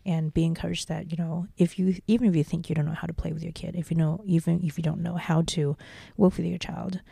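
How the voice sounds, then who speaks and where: Gravelly low-voiced woman, earnest. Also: flat delivery, fast, warm tone, dry recording, clean studio sound. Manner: earnest, repeats and restarts phrases. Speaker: startup CEO, interview guest. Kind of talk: casual interview answers.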